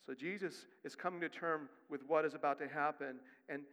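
A man's voice: fairly high pitch, steady tone. Man preaching with rising, dramatic swings. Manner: swings from quiet, quick asides to loud, rising emphasis. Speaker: pastor. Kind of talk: sermon. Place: church sanctuary. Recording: long reverb of a church hall.

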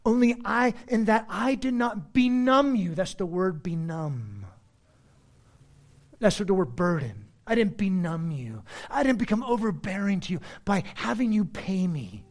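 A man preaching an expository sermon as a pastor, swinging between loud emphatic lines and quiet asides. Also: high-pitched, very animated, a little slow.

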